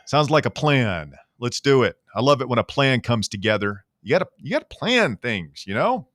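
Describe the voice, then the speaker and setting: A man's voice: mid-range voice, sing-song, moderate pace, fairly bright tone, no echo, clean studio sound. A man hosting a sports talk radio show in a rambling, jokey, self-deprecating way. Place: radio studio. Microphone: studio microphone.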